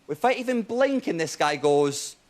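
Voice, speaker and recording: A young Scottish man doing a stand-up comedy set, telling stories with animated energy and dropping into low mock voices for asides. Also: normal speed. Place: TV studio stage before a live audience. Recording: loud audience laughter and applause.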